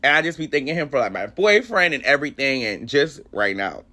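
Young guy doing a solo podcast, emotional and rambly, bright tense voice that swings up and down a lot. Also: medium pitch, big pitch swings, a little fast. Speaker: podcast host. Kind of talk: solo podcast, personal faith story.

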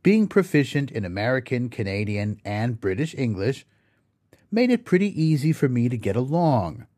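A man hosting an educational podcast, reading a scripted explanation slowly and carefully and spelling words out letter by letter. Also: mid-range voice, big pitch swings, dark tone, dry recording, clean studio sound. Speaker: podcast host.

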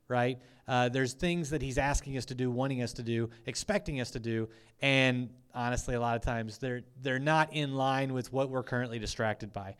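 Animated man preaching, smooth voice. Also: medium pitch. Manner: animated, acts out quoted lines, many fillers. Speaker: youth pastor. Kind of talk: lively conversational sermon.

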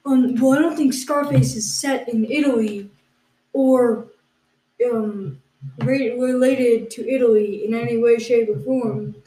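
A woman's voice: a little high, steady tone, measured pace, dark tone, a little hiss or hum. A woman co-hosting a comedy podcast, questioning her partner in mock exasperation, with plenty of fillers. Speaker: podcast co-host. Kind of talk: improvised comedy banter. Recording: echoey room.

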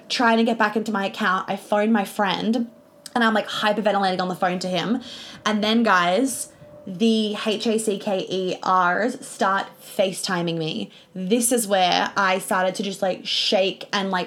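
A young adult woman vlogger telling a story in a chatty, animated way, swearing freely and spelling out some words. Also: mid-range voice, normal speed. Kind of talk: casual storytime vlog.

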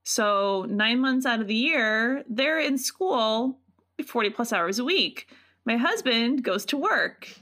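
A woman in her thirties co-hosts a podcast in easy, rambling conversation. Her voice sits a little high, and she tells her stories with plenty of animation. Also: slow. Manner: chatty, rambling, animated storytelling. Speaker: podcast co-host. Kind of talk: casual chat.

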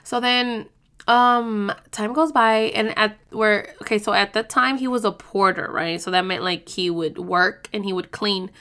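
Bright-voiced young woman telling a blunt, profane story. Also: mid-range voice, steady tone, measured pace, clear, resonant tone. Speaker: podcast host. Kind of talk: casual storytelling.

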